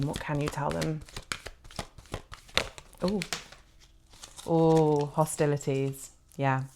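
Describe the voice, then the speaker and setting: Gentle low-voiced woman reading tarot. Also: a little hiss or hum. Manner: gentle, reassuring, heartfelt, many soft fillers. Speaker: tarot reader. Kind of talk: pick-a-card tarot reading.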